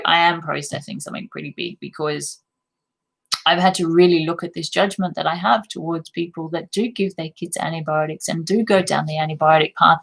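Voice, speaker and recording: A young woman speaks straight to camera in a frank, self-questioning vlog. Her voice sits low and has a gravelly edge, and she talks reflectively with the occasional blunt curse. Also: a bit bright, rough recording. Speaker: vlogger. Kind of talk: candid personal vlog monologue.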